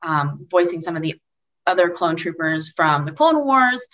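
Rambling woman with a low-ish voice. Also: lively intonation, normal speed, fairly bright tone, rough recording. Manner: rambling, heavy on filler words. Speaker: podcast panelist. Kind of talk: casual chat.

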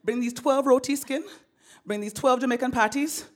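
A woman putting on her insistent mother's voice as she gives orders, a little higher than her own. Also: moderate pace, natural voice. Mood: bossy. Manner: commanding, insistent. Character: bossy mother giving orders.

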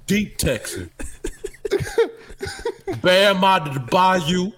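A stuffy, congested Southern sports pundit, as a man puts him on drawls slowly through his nose. The voice sits a little above the man's own, and he drags every word out. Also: high voice, animated, noisy background, full character voice. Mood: mock-serious. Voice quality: nasal, stuffy. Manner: slow drawl, repeating a catchphrase.

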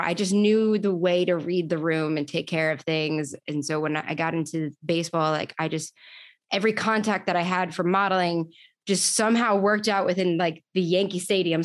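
A woman's voice: lowish voice, dry recording, clean studio sound. A young woman, telling her story in a chatty way full of fillers during an interview. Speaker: podcast host, guest. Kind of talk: casual interview chat.

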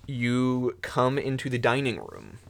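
A man narrating a tabletop game as game master, slow and descriptive with hesitant fillers. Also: mid-range voice, sing-song, gravelly.

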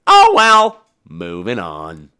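A man's voice: fairly low pitch, huge pitch swings, takes it slowly, bright, forceful tone, smooth. A man hosting a horror review podcast who talks in a casual, sarcastic way with crude humor. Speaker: podcast host and film reviewer.

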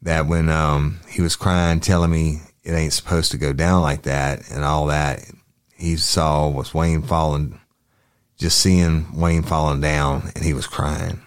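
A very deep-voiced young witness, as a man reads his part aloud, answering police haltingly and politely. He stumbles through fillers in a low, plain delivery. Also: little pitch movement, smooth. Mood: subdued.

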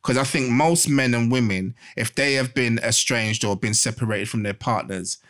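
A man co-hosts a casual podcast chat. He lays out his view at length in a mid-pitched voice and keeps checking that the other person follows him. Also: moderate pace, fairly bright tone. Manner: explains at length, often asks if he's understood. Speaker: podcast co-host.

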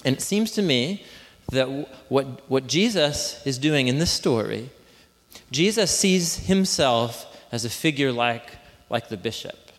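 A man's voice: mid-range voice, animated, measured pace. A man preaching a conversational sermon to a congregation, often asking them questions. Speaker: pastor. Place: church hall with congregation. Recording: long hall reverb.

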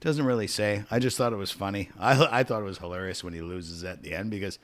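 A man's voice: on the low side, fast. A man hosting a podcast, chatting casually and bluntly, swearing freely and laughing easily. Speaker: podcast host. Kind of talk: casual chat.

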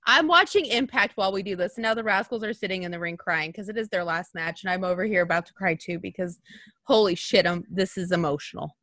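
A woman co-hosting a podcast in casual chat, animated and profane, with frequent laughing asides. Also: fairly low pitch, fairly quick, no echo, studio quality. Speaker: podcast co-host.

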